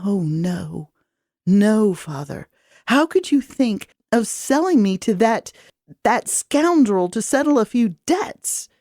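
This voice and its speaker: Woman doing a stubborn young noblewoman, talks back hard, mellow voice. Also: mid-range voice, very animated, takes it slowly, no echo, studio quality, voice pushed up, heavily acted. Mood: defiant. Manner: defiant, pleading. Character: defiant young noble daughter, stubborn and sharp-tongued.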